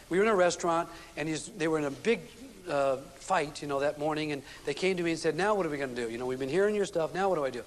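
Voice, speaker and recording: A man giving a seminar talk on relationships to a live audience, telling stories and acting out the dialogue in them. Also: on the high side. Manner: storytelling, acts out quoted dialogue. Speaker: relationship speaker. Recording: long reverb from a hall, faint noise.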